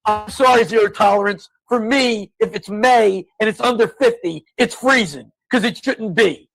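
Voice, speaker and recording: A man's voice: high-pitched, normal speed, vocal fry, fairly bright tone, no room sound, faint music behind, low-quality recording. A man co-hosting a casual podcast, telling stories and ranting in exasperated bursts. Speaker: co-host.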